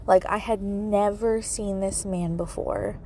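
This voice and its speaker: A woman's voice: mid-range voice, fairly even intonation, takes it slowly, warm tone, a little hiss or hum. A woman hosting a podcast, telling a personal story with many fillers and laughing through tears. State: tearful. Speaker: podcast host, medium.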